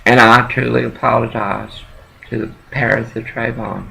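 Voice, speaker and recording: A man's voice: mid-range voice, steady tone, moderate pace, vocal fry, bright, forceful tone, slight background noise, rough recording. A man from Texas, delivering a heated, profane, rambling monologue to the camera.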